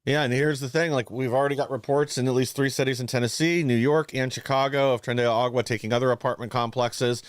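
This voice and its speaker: Smooth-voiced man, hesitant podcast co-host. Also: medium pitch, fairly even intonation, quick pace, few pauses, no echo, studio quality. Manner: earnest, with many "uh" hesitations. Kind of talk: casual political talk.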